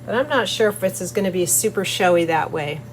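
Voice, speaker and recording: A woman's voice: fairly low pitch, lively intonation, fairly quick, soft background music, poor audio. A cheerful, giggly woman chatting casually as she makes soap in her studio and hosts her channel. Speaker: soap maker and channel host. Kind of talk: casual chat while making soap.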